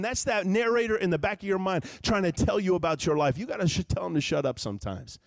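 Texas-accented pastor, man, high voice, dry close sound; loud preaching mixed with quiet, chatty asides. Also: animated, fast talker, vocal fry, few pauses, no echo. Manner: conversational, humorous, with many fillers. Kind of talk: live sermon. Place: church sanctuary.

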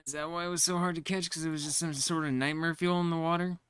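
A man giving casual commentary as he plays a game, talking to himself, often confused and quickly frustrated. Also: slight background noise. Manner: jumps to high excited exclamations when surprised. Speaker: gaming YouTuber. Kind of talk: casual let's-play commentary.

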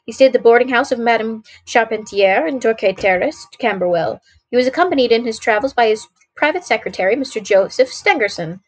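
A woman streamer reading a classic mystery aloud, steadily and with occasional self-corrections. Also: on the high side. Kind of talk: story read-aloud.

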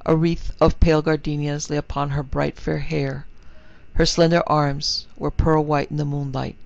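A man narrating a scripted horror story in a measured, somber, literary manner. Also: a little high, little pitch movement, gravelly, no room sound, lo-fi sound.

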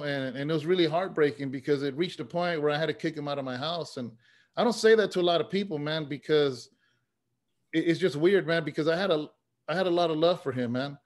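A man, a pastor and former rapper, telling his life story in an earnest, conversational way with a lot of "man" and "you know". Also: on the high side. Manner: earnest, story-driven, says "man" often.

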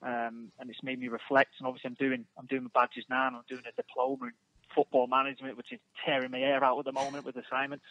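A man's voice: medium pitch, fast talker, gravelly, highs cut off. A man calling into a podcast as a guest, chatting casually and making fun of himself. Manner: self-deprecating, chatty. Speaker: phone guest, former footballer. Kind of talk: casual chat.

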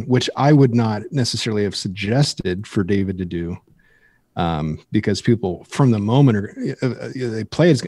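A man's voice: mid-range voice, a little mellow, slightly rough, dry recording. A man hosting a podcast in a blunt, sarcastic and combative way, in casual discussion. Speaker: podcast host.

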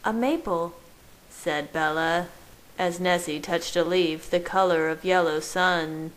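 A woman reading fan fiction aloud in a slow, gentle, measured way, narrating from a man's point of view. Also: fairly low pitch, little pitch movement, rough recording. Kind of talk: storybook narration read aloud.

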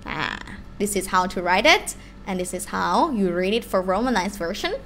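A woman with a Thai accent, a native Thai speaker teaching a live online language lesson in an animated way. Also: mid-range voice, brisk, a little hiss or hum. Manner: animated, switches between English and Thai examples.

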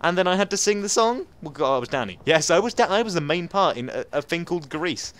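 Fast-talking teen guy from england doing game commentary, high voice that swoops all over, faint hiss behind. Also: expressive, fairly bright tone. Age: late teens. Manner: fast, rambling and jokey, with sudden squeaky jumps. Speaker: gaming YouTuber. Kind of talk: casual gameplay commentary.

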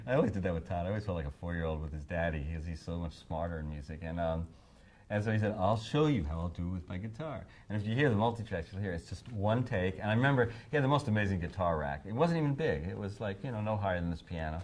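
A man in an interview telling studio anecdotes with animated storytelling, full of ums and restarts. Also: low-pitched, fast. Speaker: interviewee, record producer.

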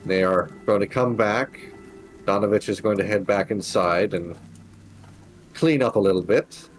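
A man's voice: lowish voice, a little slow, soft background music, rough recording. A man narrating and describing scenes as game master of a tabletop game.

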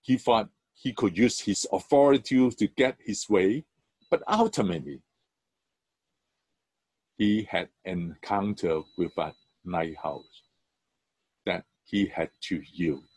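Slow, earnest male church elder preaching. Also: low voice, darkish tone, slightly rough, dry recording. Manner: earnest storytelling, emphatic rises. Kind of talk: sermon.

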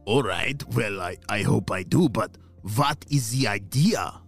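A man playing a slow, grumbling villain boss. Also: on the low side, lively intonation, gravelly, faint music behind, voice pushed down, full character voice. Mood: demanding. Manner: slow, demanding, gleeful laugh. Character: grumbling male villain doctor, bossy boss.

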